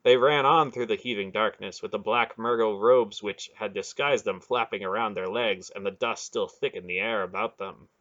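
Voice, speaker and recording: A man reading a fantasy novel aloud as a steady storyteller. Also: lowish voice, moderate pace, few pauses, no echo, lo-fi sound. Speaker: audiobook reader. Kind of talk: fan audiobook narration.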